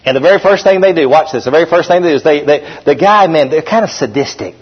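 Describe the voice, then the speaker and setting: A man preaching a lively sermon as pastor, calling out to his congregation. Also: fairly high pitch, fast talker, husky. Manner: animated preaching, calls out to the congregation. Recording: dull lo-fi recording.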